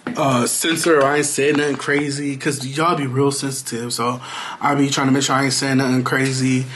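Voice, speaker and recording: A man's voice: medium pitch, little pitch movement, moderate pace, fairly bright tone, slight background noise. A man talking casually to his viewers in a home vlog, playful and loose with slang and fillers. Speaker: vlogger. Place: home, at his computer and kitchen.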